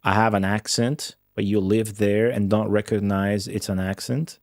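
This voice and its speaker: A man's voice: lowish voice, steady tone, moderate pace, no room sound, clean studio sound. Profane Italian-accented male streamer, chatty. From Italy. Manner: rambling, profane, chatty with chat readers. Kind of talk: casual live-stream chat while gaming.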